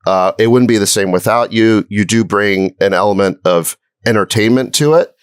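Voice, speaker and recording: A man's voice: on the low side, moderate pace, smooth, dry recording. Dry-voiced mocking man co-host. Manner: mocking, needling. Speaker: podcast co-host. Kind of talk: podcast argument.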